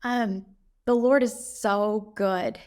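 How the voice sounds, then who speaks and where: A woman's voice: medium pitch, fairly even intonation, a little mellow. Earnest woman sharing a heartfelt testimony. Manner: earnest, heartfelt, with frequent "um" pauses. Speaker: interviewee sharing her faith testimony. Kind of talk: reflective interview answers.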